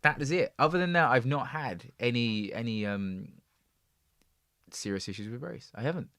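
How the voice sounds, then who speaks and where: A man co-hosting a podcast, telling stories in a lively casual way and laughing often. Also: medium pitch, normal speed, no echo, studio quality. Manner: animated storyteller, laughs often. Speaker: podcast co-host. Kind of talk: casual chat.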